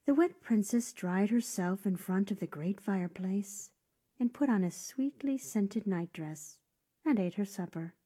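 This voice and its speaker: Soft-spoken woman reading a fairy tale. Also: medium pitch, animated, measured pace, breathy edge. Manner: soft, often whispery storytelling. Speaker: storyteller. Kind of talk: fairy tale read aloud.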